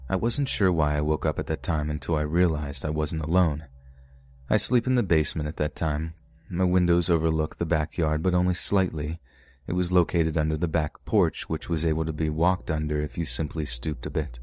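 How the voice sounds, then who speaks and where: Deep-voiced man narrating horror stories. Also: darkish tone. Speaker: podcast narrator. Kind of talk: reading submitted first-person true horror stories.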